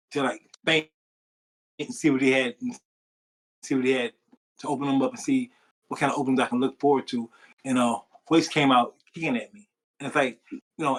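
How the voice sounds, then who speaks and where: Former boxer guest, male, quick and rambling, full of asides. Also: mid-range voice, rough recording. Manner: rambling, animated storytelling with many fillers. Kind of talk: storytelling interview.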